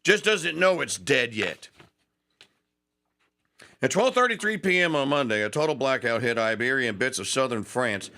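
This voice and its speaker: A man hosting a talk radio show, ranting and sarcastic. He shifts between fast bursts and slow, stressed phrases. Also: medium pitch, pushed and bright. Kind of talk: opinionated talk radio monologue.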